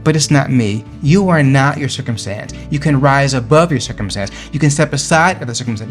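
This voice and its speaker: A man earnestly talking through personal affirmations in a motivational vlog, encouraging and emphatic. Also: mid-range voice. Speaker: vlogger sharing affirmations. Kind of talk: motivational talk to camera.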